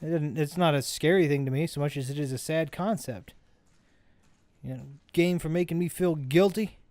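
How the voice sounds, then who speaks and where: Man, gameplay commentary, rambling, self-correcting, slightly high voice, dry close sound. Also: normal speed, a little mellow, no echo. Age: adult parent. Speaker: let's play host.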